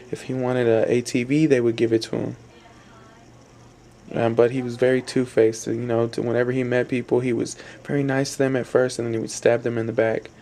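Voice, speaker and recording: A young man tells a story, circling back and repeating himself. His voice is gravelly and mellow, and he speaks in a flat, level tone. A faint background noise sits under it. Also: mid-range voice. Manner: rambling, repetitive, with fillers and restarts. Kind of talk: spoken storytelling.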